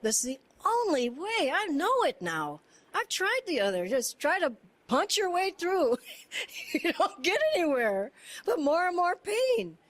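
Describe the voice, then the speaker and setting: High-voiced woman telling spiritual stories. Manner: earnest, animated, laughs often, repeats phrases. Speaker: satsang speaker. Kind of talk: informal spiritual storytelling.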